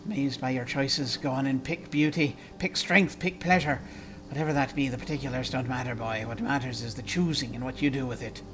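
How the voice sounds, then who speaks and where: A man's voice: on the high side, quick pace, lightly acted. A man voicing a sour, cryptic old midwife in a video game, scolding in old-fashioned phrasing over faint game music. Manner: stern, scolding, archaic phrasing.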